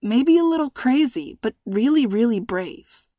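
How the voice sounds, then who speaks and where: A calm, worried dad who keeps his voice low and hushed, put on by a woman reading aloud. The sound is close and dry, as in a storybook reading. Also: normal speed, no room sound, natural voice. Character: calm worried middle-aged father.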